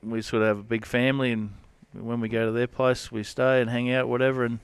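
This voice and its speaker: Rambling Australian cowboy, smooth voice. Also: male voice, medium pitch, level tone, fairly quick, no room sound. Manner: rambling, lots of "you know" and restarts. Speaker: rodeo cowboy guest. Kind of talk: casual storytelling interview.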